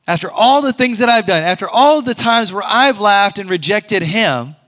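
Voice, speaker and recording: Guy preaching, bright ringing voice, fairly high, chatty then punchy. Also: lively intonation, normal speed. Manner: conversational, earnest, with sudden loud emphatic peaks. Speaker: pastor. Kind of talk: sermon.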